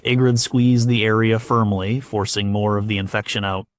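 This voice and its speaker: A man narrating a scripted history documentary in a measured way, with occasional stumbles and fillers. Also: lowish voice, level tone, dry recording.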